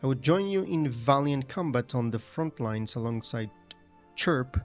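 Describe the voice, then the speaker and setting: A man's voice: medium pitch, expressive, unhurried, faint music behind, close to an everyday voice. Pompous retired captain from a fantasy game, lofty and formal, dull lo-fi sound, read out by a man.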